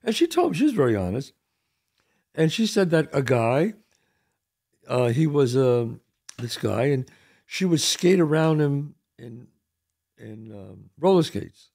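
A man hosting a casual chat show, telling stories in an animated way. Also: mid-range voice, a little slow, vocal fry, pauses often. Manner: animated storyteller. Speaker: host.

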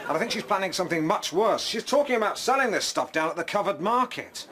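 A man's voice: high voice, animated, fast, background noise. An actor playing an awkward, self-important middle-aged male TV presenter, in a sitcom. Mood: flustered. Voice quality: chirpy, tactless, self-important. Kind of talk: 1990s British sitcom acting.

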